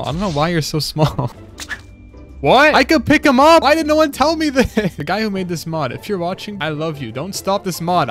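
A young man giving excitable gameplay commentary and story narration, often exclaiming and laughing. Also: sits high. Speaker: gaming YouTuber. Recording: game music playing behind the voice.

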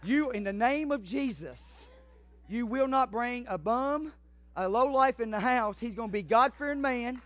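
A man's voice: very high voice, lively intonation, measured pace. A man preaching a sermon as pastor, fervent and emphatic, speaking straight to his congregation. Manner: addresses the congregation directly.

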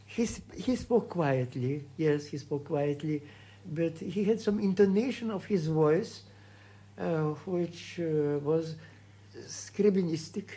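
A man in his eighties from Russia, speaking English with a Russian accent, recalling his past at home in a halting way full of hesitations. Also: on the high side, warm tone. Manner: halting, many hesitations and restarts. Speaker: composer being interviewed. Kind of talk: reminiscing interview.

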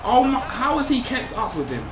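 Man, young, gaming commentary, exasperated, swings all over in pitch, game music behind. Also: moderate pace. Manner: animated, exasperated, yells at the game, slangy. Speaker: gaming YouTuber. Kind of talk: excitable gameplay commentary. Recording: roomy sound with game music. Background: video game music and sound.

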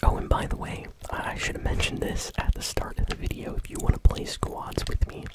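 An unvoiced, breathy whisper carries this ASMR gameplay commentary, with gum chewing woven through the talk. The host speaks close to the microphone, relaxed and unhurried, pausing on little "uh"s between thoughts. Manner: chewing bubblegum while talking; relaxed, unhurried, with small hesitations. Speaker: gaming channel host.

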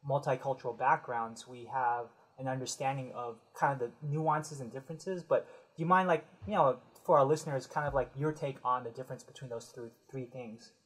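A man co-hosting a podcast, asking loose questions and telling stories in a rambling, animated way. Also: mid-range voice, breathy edge, poor audio. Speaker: podcast co-host. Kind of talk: casual chat.

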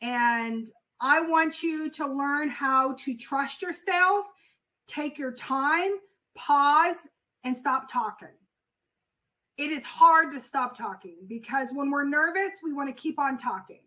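Bright, high-voiced woman coaching a class. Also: slow, low-quality recording. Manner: instructive and repetitive, with fillers; conversational, addresses the class directly. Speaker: sales coach for freight brokers. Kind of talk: casual spoken lesson.

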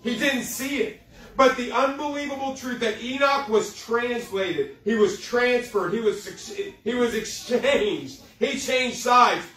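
A man preaches to a youth group in a folksy, joking way, slowing down to stress each point. His voice sits high, and it rings in an echoey hall, heard from a little away from the mic. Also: fairly bright tone, recorded from a distance. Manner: folksy, joking, preaching with dramatic slow emphasis. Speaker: youth pastor. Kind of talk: sermon.

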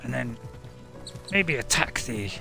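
A man's voice: mid-range voice, sing-song, slow, creaky, bright, forceful tone. A man giving casual, jokey commentary on his own gameplay, talking to himself and cheering on his units. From Britain. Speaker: gaming video host. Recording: game music behind the voice. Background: game music.

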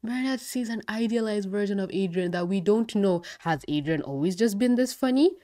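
A woman giving an excitable, casual review of a cartoon episode, swearing freely. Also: mid-range voice, fairly quick. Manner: excitable, swearing, laughing often. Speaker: show reviewer.

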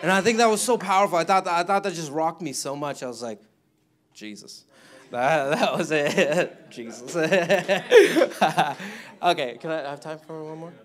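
A man's voice: fairly high pitch, normal speed, few pauses. A man giving a rambling testimony at a church service, laughing often and restarting his sentences. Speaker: mission trip member giving testimony.

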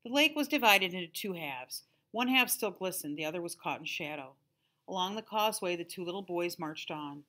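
A teacher reading a novel aloud to her class in a calm, steady storytelling manner. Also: on the low side.

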